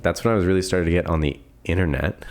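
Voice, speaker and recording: A man in his twenties from Florida, a filmmaker guest on a podcast, telling rambling stories in a relaxed chatty way. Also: sits low, fast. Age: 20s. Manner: relaxed, rambling storyteller with laughs and fillers. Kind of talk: casual podcast chat.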